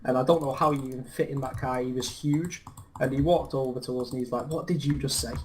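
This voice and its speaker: A man's voice: mid-range voice, steady tone, quick pace, a little mellow, a little hiss or hum. A young English man in laddish game chat with a middling voice, telling boastful stories. Faint keyboard clicks and typing sit behind him. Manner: laddish, boastful storytelling with laughs. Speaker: co-host. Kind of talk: casual chat over gameplay.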